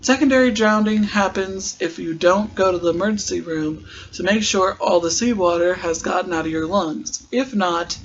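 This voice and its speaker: A man's voice: sits high, dull audio. A man hosting a casual podcast, recapping a TV episode in a chatty, joking way with rambling asides.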